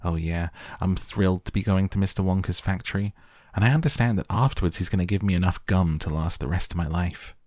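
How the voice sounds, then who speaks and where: A man's voice: low-pitched, a little mellow, no echo, clean studio sound, natural voice. A man doing a brash, boastful young girl. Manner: boastful rapid chatter. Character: loud brash gum-chewing young girl.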